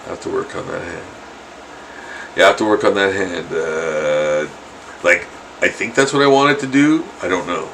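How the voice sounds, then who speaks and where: A middle-aged man chats to his viewers while he sketches, his voice low-pitched but bright and forceful. He rambles, restarts his sentences and chuckles to himself. A faint hum of room noise sits behind him. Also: animated, moderate pace, creaky, low-quality recording. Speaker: artist streaming his drawing. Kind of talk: casual chat while drawing.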